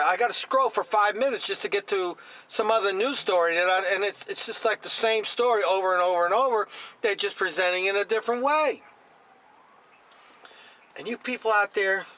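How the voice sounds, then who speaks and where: A man's voice: sits high, bright, forceful tone. A middle-aged man from New Jersey ranting straight to camera, blunt and scornful, with a lot of repetition. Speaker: vlogger.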